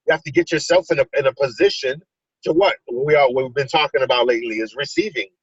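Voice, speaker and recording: A man's voice: mid-range voice, fast, breathy edge, no room sound, distant mic. A middle-aged man in a casual motivational chat who rambles, restarts and fills with "you know". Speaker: discussion participant. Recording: dull lo-fi video call audio.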